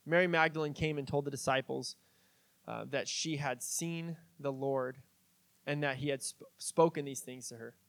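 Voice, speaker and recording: A man's voice: mid-range voice, moderate pace, creaky, fairly bright tone. A young man preaching a sermon in a casual, conversational way, telling stories with fillers and light jokes. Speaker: pastor.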